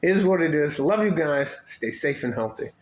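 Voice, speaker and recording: A man's voice: fairly high pitch, lively intonation, moderate pace. A man from El Paso, talking in a casual, rambling vlog monologue with frequent swearing, restarts and chuckles. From West Texas, El Paso. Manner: profane, laid-back, trailing restarts and chuckles. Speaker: vlogger.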